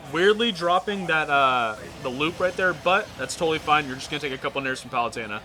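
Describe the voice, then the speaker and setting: Quick talking guy breaking down a smash match, bright voice, slight hiss behind. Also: fairly high pitch, lively intonation. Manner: quick, analytical play-by-play with jokes. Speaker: esports commentator. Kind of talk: live game commentary.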